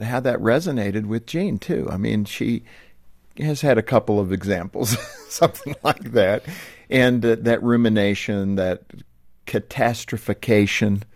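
A man's voice: medium pitch, expressive, a little slow, creaky, no room sound, clean studio sound. A man hosting a radio interview, friendly with chuckling asides. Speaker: radio show host. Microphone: studio mic.

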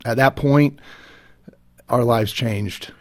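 A man in a radio interview recounting his story haltingly and somberly, with frequent fillers. His pitch sits in the middle and the sound is dry and close. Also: a little mellow, no room sound. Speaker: guest, father. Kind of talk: personal testimony in an interview.

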